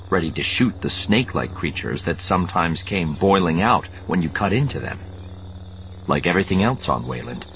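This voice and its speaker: Deep-voiced male audiobook narrator. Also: a bit bright, slight background noise. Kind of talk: scripted narration.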